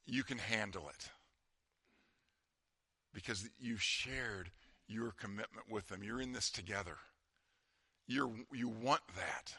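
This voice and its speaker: A man preaching a sermon as pastor, talking conversationally and dropping to a quiet voice for emphasis. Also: medium pitch, no echo, clean studio sound.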